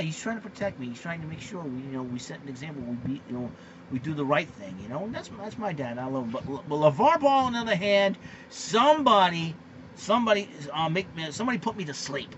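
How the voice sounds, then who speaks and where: A man ranting in a casual monologue, animated and exasperated, full of fillers and restarts. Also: fairly high pitch, fast. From Boston area. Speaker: vlogger. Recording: slightly muffled lo-fi recording with faint background noise.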